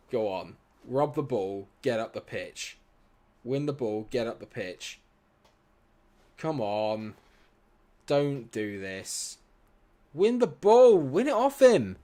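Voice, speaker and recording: Live-streaming a soccer management game, a young man talks back to the screen and his viewers with frequent cursing. He alternates between quiet muttering and abrupt yelling.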